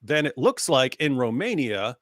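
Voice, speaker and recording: A man's voice: mid-range voice, very animated, normal speed, fairly bright tone, dry recording, clean studio sound. Man making his case plainly. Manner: argumentative, acts out quoted speech. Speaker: co-host. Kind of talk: casual online discussion.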